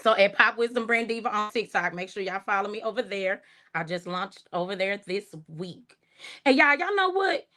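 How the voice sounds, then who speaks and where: A middle-aged woman with a Texas accent, chatting casually on her livestream, relaxed and soft-spoken, laughing as she reads viewer comments aloud. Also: medium pitch, moderate pace. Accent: Texan. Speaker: livestream host.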